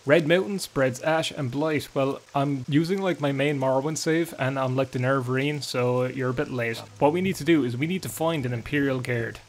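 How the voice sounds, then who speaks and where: A man's voice: medium pitch, fairly even intonation, brisk, few pauses, slight background noise. A man chatting and joking casually as he comments on a game he is playing. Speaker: gaming YouTuber. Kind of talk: casual let's-play commentary.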